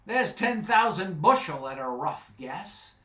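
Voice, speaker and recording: A man voicing a surly, cross old male sea serpent who orders a fisherman around, loud and pushy. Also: on the high side, sing-song, unhurried, exaggerated voice. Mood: surly, bossy. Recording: echoey live stage.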